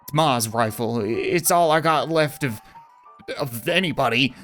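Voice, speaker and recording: Man doing a grieving ranch woman, bitter, weary, low halting voice, stammering, game dialogue read aloud. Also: a bit bright, soft background music, lightly acted.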